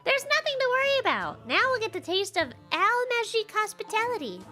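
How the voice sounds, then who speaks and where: Give me a tiny winged fairy companion, voiced by a woman, with a very high, lively, sing-song voice that teases and cheers on her partner. Faint game music runs underneath. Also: brisk, heavily acted. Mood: chirpy. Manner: chirpy, upbeat, teasing.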